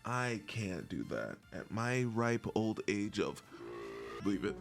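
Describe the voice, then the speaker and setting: A man's voice: fairly low pitch, very animated, extremely slow, vocal fry, long pauses, soft background music. A man rambling to camera in a goofy, scattered comedic monologue, swearing and laughing between half-finished thoughts. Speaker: video creator.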